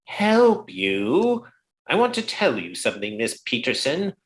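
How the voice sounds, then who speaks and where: A woman's voice: a bass voice, sing-song, fairly quick, a bit bright, exaggerated voice. A woman playing an exasperated, sarcastic male lawyer who bosses his secretary in a 1950s-style radio comedy. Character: exasperated middle-aged male boss, a lawyer, gruff. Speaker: boss.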